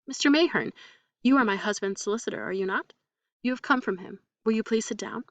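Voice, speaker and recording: A woman reading the part of a cold, composed foreign wife who speaks with clipped, deliberate emphasis. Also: on the high side, no room sound, far from the mic, close to an everyday voice. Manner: calm, clipped, coldly emphatic. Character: cold, foreign young wife, controlled and bitter.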